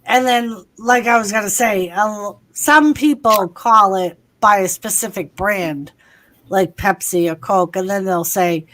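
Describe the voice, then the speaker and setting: Slow-talking woman with a Massachusetts accent. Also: medium pitch, fairly bright tone. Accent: Massachusetts, Lowell. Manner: chatty, swears freely. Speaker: host. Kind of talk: casual livestream chat.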